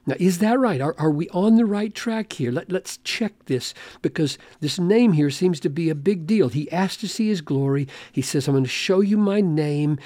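A man's voice: on the high side, lively intonation, normal speed, hardly any pauses, dark tone, dry recording. A man giving an expository Bible lesson, reading scripture aloud and explaining it, stressing key phrases by repeating them. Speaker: Bible teacher.

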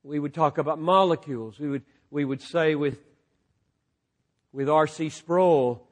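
A man preaching a sermon to a live audience with passion, dropping to a hush and then rising almost to a shout. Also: on the high side, moderate pace. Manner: impassioned, swinging from hushed to near-shouting. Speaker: pastor.

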